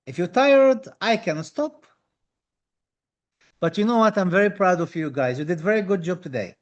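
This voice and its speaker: Enthusiastic high-voiced male dental tutor. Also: lively intonation, normal speed, lo-fi sound. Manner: enthusiastic, reads out viewer comments, repeats phrases. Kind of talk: live online lesson.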